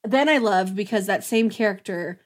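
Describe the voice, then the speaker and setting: A woman's voice: mid-range voice, normal speed. A young woman chatting casually about an old cartoon, laughing often and acting out the characters' lines. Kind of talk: casual chat recapping a cartoon.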